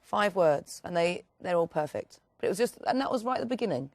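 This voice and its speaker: A woman, an actress, being interviewed, talking in quick, lively bursts and laughing easily. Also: lowish voice, no room sound. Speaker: actress guest. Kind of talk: casual interview chat.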